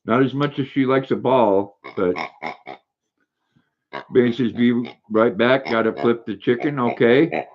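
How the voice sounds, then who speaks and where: A man's voice: mid-range voice, a little slow, long pauses, muffled recording. An older man hosting a casual livestream, chatting and reading viewer comments aloud while talking to his dog. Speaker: livestream host.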